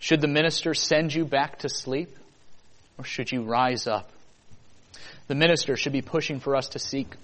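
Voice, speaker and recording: A man's voice: medium pitch, steady tone, normal speed, long pauses, fairly bright tone. A man preaching a sermon, earnest and full of rhetorical questions, building to emphatic peaks.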